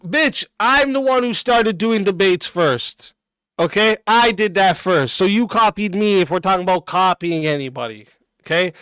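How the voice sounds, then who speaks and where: A man's voice: high voice, normal speed, fairly bright tone, clear, resonant tone, dry recording. A man streaming a reaction and ranting back at a clip, aggressive and mocking, cursing constantly. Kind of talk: profane reaction rant.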